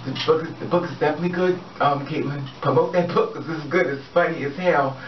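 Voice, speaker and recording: A man's voice: on the high side, fast talker, slight background noise. A man giving a casual, sassy opinion rant to camera as a vlogger, talking straight at the person he criticizes. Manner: sassy, animated, addresses the subject directly. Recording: roomy, muffled, slightly distant mic.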